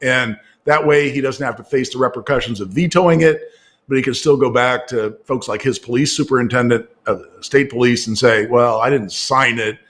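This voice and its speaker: A middle-aged man from Indiana, a guest commentator in casual political talk, who speaks at length with many fillers and restarts and grows more animated as he makes a point. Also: medium pitch, brisk. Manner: talkative, with frequent fillers and restarts.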